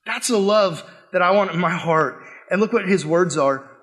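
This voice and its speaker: High-voiced young preacher, animated. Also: male voice, moderate pace. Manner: animated, shifts from loud acted quotes to quiet earnest asides. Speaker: pastor. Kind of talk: sermon.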